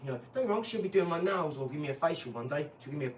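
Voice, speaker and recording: Animated man telling stories in an echoey garage. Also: a little high, rapid-fire. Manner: animated storyteller, laughs, swears. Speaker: live-stream host. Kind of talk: casual live-stream chat. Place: empty garage. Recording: roomy, distant mic, faint noise.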